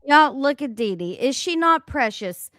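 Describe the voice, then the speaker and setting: A woman hosting a reaction livestream, talking in a blunt, animated and profane way about the clips she plays. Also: high voice, unhurried, background noise. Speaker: livestream host. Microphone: home streaming mic.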